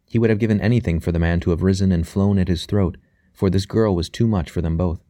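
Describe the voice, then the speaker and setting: This is scripted audiobook narration of a classic novel by a mellow, low-voiced man whose storytelling stays measured and even. It has studio quality with no room sound.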